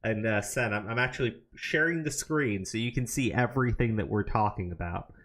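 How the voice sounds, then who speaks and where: A man's voice: fairly low pitch, brisk, fairly bright tone. A man co-hosting a casual livestream, reading tips and an article aloud with angry, profane asides and many stammered restarts. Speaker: podcast co-host.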